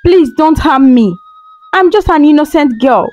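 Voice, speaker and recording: A woman's voice: high-pitched, lively intonation, a little slow, a little mellow, soft background music, voice pushed up. A woman voicing a terrified young orphan girl who begs tearfully. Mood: pleading. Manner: begging, tearful.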